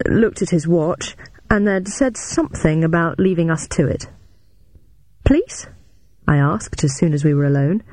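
A narrator reading a first-person novel aloud in an even, measured way. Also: male voice, on the high side, dry recording. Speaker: audiobook narrator.

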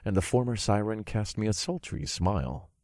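A man narrating an audiobook in the first person, telling the story in a relaxed, smooth way. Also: fairly low pitch, moderate pace, no echo, studio quality.

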